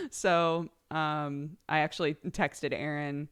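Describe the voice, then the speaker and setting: A chatty woman streaming live, with a slightly low voice. She talks casually and giggles often between her words. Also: expressive, measured pace, clean tone. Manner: reads out subscriber thank-yous.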